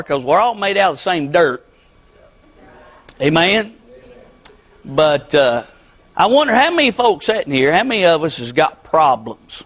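A man preaching in a very high voice for a male speaker. His manner is folksy and plainspoken. He repeats his phrases and tags "amen" onto his points as he talks to the congregation. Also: a bit bright. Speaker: pastor. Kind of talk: folksy conversational sermon. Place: church sanctuary with a congregation.

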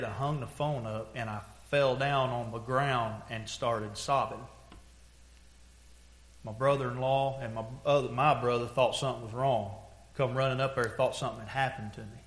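A man preaching a sermon, telling folksy stories and moving from hushed, heavy moments to loud, pressing exhortation. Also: medium pitch, echoey room.

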